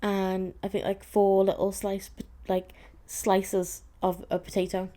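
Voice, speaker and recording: A young woman hosts a casual podcast and tells a story in a mellow, warm voice. She talks in loose, chatty sentences full of "like" and sounds a little exasperated. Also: mid-range voice, monotone, takes it slowly. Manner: chatty and exasperated, with frequent "like" fillers. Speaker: podcast host.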